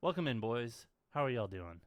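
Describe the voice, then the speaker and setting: Chatty podcast host, dry sound. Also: male voice, medium pitch, moderate pace, no echo. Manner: relaxed and chatty, with "yeah, no" and many "uh" fillers. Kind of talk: casual chat. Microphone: voice call.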